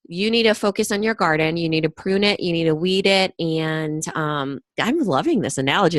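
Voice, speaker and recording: A woman's voice: lowish voice, moderate pace, no echo. A woman co-hosting a business podcast, chatting casually in an upbeat, playful way. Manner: upbeat, playful, laughs easily. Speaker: podcast co-host. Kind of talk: casual business advice chat.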